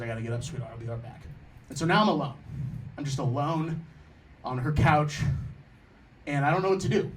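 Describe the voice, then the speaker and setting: A young man in his twenties on a comedy club stage, delivering a stand-up set into a handheld mic. His voice sits a touch high, and he talks in an easy, conversational way. He slips between dry, deadpan asides and loud bursts where he laughs through his own lines. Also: a little hiss or hum. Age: 20s. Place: comedy club stage before a live audience.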